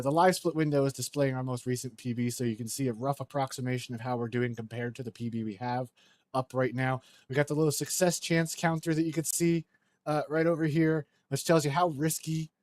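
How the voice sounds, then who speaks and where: A man's voice: medium pitch, noisy background. Joking man streaming a speedrun. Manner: loose and joking, chatting with viewers. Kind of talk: casual live-stream chat.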